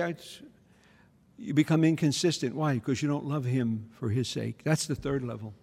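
A man giving a conversational teaching homily, often pausing to check in with his listeners. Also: mid-range voice, fairly even intonation, creaky, darkish tone. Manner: conversational, checks in with the audience by asking "okay?" and "hmm?". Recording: reverberant hall.

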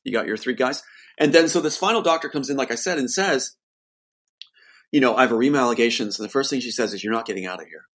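A male guest shares an emotional personal account, his insistent voice rising into pleading outbursts. His pitch is medium, his pace fast, and his tone a bit bright.

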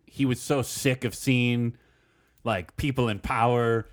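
A man's voice: mid-range voice, steady tone, takes it slowly. A man in casual podcast chat, rambling and thinking aloud with many "like" fillers, often laughing.

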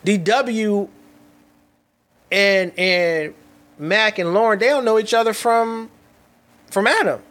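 A man talking on his own podcast, reflecting out loud in a quick, restless way, often repeating words and dropping slangy asides. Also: high-pitched. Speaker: podcast host. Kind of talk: reflective solo podcast monologue.

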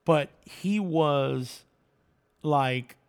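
A man's voice: a little high, drawn-out words, smooth. A man co-hosting a casual chat, animatedly retelling a story and acting out the voices in it. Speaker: podcast co-host.

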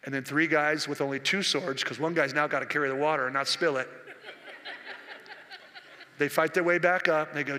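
Impassioned older pastor, bright and high. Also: male voice, animated, normal speed, pauses often. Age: 60s. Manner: impassioned, storytelling, rising to near-shouted peaks. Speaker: senior pastor. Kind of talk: sermon. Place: church sanctuary. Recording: long reverb of a church hall.

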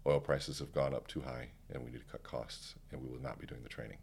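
A man's voice: extremely low pitch, fast, vocal fry, slight background noise. A man telling a story in casual conversation as a podcast guest, acting out what people said. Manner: animated, acts out quoted dialogue. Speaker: podcast guest, keynote speaker.

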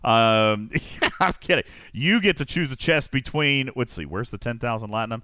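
A man's voice: medium pitch, expressive, moderate pace, bright, forceful tone, no room sound. A man hosting a casual podcast, joking around and rambling, then rattling off long lists of supporter names. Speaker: podcast host. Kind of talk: casual podcast banter and shout-outs.

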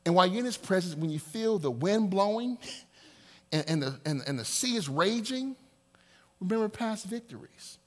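A male pastor preaching a sermon with dynamic swings from loud to hushed, acting out prayers in quoted voices. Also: high voice, lively intonation, normal speed.

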